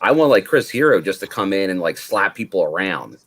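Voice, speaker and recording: A man's voice: deep voice, very animated, brisk, a bit bright, husky. A man co-hosting a casual wrestling chat, stressing his points by repeating words. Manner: emphatic, repeats words when making a point. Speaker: podcast co-host.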